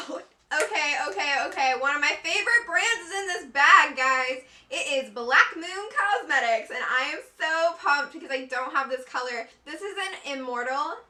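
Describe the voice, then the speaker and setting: A woman's voice: high voice, bright, forceful tone, recorded from a distance. A young woman beauty vlogger gushing through a makeup unboxing. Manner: gushing, effusive, giggly. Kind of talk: excited unboxing vlog. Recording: echoey room, a bit off-mic.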